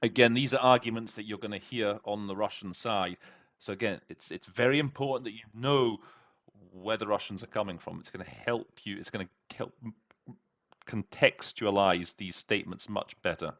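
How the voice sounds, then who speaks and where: Middle aged guy interpreting then explaining himself, lots of pauses and restarts, dry close sound. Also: on the low side, a bit bright, dry recording. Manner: thinks aloud, hesitant, many restarts. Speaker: conference interpreter and host. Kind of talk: interpreting practice with commentary.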